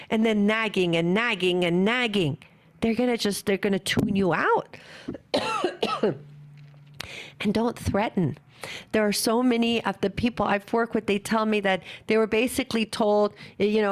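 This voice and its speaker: A middle-aged woman giving an earnest, animated conference talk on parenting, acting out parents and children as she goes. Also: medium pitch, unhurried. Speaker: parenting speaker.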